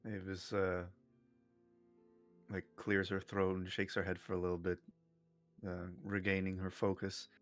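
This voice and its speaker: A man's voice: sits low, monotone, unhurried, long pauses, soft background music. A man playing a tabletop game, casually describing what his character does. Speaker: player.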